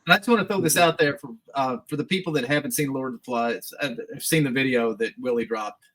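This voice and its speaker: A man hosts a live talk show in a middle-pitched voice. He chats casually and praises his guest with enthusiasm. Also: fast talker, a bit bright, poor audio. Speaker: host. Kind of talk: casual chat.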